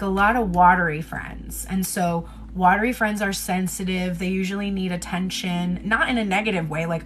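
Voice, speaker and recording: A woman giving a casual livestream tarot reading, chatty and candid, who laughs often and swears casually. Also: mid-range voice. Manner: loose, rambling delivery with many fillers. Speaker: tarot reader.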